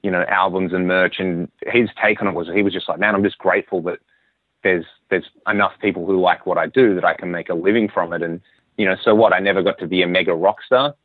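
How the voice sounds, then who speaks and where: A lowish-voiced Australian man chatting on a call as an interview guest. He rambles through his story with lots of restarts. The line is tinny and phone-like, with a dry, close sound. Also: steady tone, fast talker, no echo. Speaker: guest musician. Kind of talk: casual interview chat.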